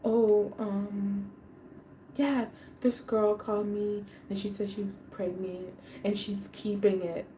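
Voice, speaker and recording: A woman's voice: mid-range voice, level tone, takes it slowly, dark tone, slight background noise, voice pushed down, close to an everyday voice. A woman quoting a hesitant young man. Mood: sheepish. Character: hesitant young man confessing bad news.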